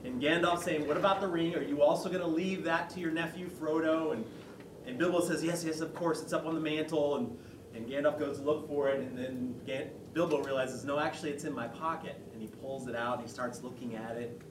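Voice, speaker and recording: A male pastor giving a conversational sermon, retelling a story with lively quoted voices. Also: on the high side, a little fast, noisy background. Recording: echoey hall, mic far off.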